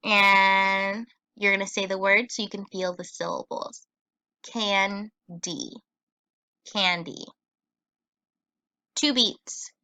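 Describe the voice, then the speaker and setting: A woman teacher giving a recorded phonics lesson for children, sounding out words slowly and patiently. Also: medium pitch, steady tone, sharp tone, no echo.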